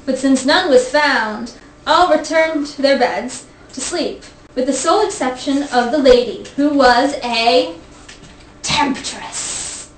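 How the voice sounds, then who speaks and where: A high-pitched woman hosts and reads a story aloud, playful and teasing between passages. She is recorded from a distance in a roomy space with an echo, and a faint hiss sits underneath. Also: measured pace. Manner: playful, teasing, breaks into giggles. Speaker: host reading a story aloud. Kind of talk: casual reading with joking asides.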